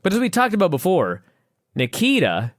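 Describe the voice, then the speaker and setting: A man's voice: high voice, moderate pace, no room sound, clean studio sound. A man co-hosting a casual podcast, joking and swearing freely as he talks. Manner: animated, profane, joking. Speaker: podcast co-host. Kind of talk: casual chat.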